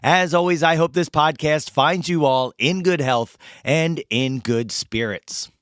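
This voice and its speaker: A man hosting a podcast with a hoarse voice after losing it singing, talking in a playful, hyped-up way. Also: fairly high pitch, measured pace, a bit bright, no echo, clean studio sound. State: hoarse, lost his voice. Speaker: podcast host. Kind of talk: casual podcast chat and ad reads.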